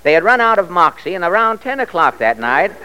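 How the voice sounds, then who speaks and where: A man's voice: high voice, big pitch swings, a little fast, pushed and bright, slight background noise, low-quality recording. A man, a radio comedian host, telling a comic story in a dry, wry manner on an old radio broadcast.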